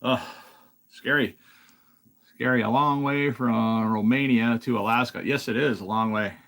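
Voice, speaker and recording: A man chatting casually on a live stream while fixing a snack in his home kitchen, thinking out loud as he works. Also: mid-range voice, fairly even intonation, moderate pace, vocal fry.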